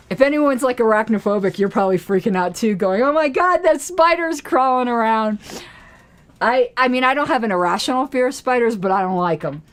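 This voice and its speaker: A fairly high-pitched woman runs her own political commentary program out of a home studio. Chatty and prone to rambling, she gets worked up and reads old newsletters aloud.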